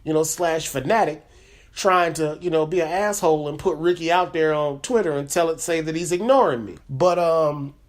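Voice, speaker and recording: A comedy podcast host recounts a story, rambling casually with lots of fillers and words repeated. His voice has a fairly high pitch and a normal speed.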